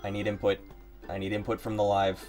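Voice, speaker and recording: Low-voiced ohio guy streaming, rambly and jokey, talks to himself, faint music behind. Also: monotone, brisk, darkish tone. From Ohio, United States. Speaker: livestreaming artist. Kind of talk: casual live-stream chat.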